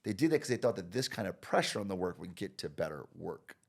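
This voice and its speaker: An American man talking with a fairly low voice that swings widely and expressively. He is a guest on a podcast, an expert explaining ideas through stories and playing out the other people in them. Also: fast talker, creaky. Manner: animated, acts out quoted people with big jumps in voice. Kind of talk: conversational interview storytelling.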